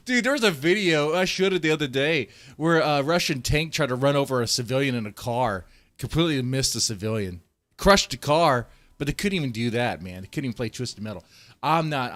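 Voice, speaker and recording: A man from Texas ranting on a livestream, profane and heated, swinging between loud outbursts and low muttering. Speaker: streamer. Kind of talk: livestream rant.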